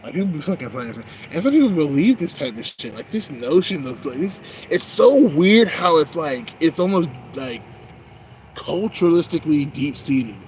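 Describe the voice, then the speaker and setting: A man's voice: on the high side, big pitch swings, normal speed, a little mellow. A man in a rambling casual monologue, cursing and using slang as he drifts between thoughts, outdoors on a night smoke break. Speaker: vlogger. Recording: noisy outdoor street with traffic.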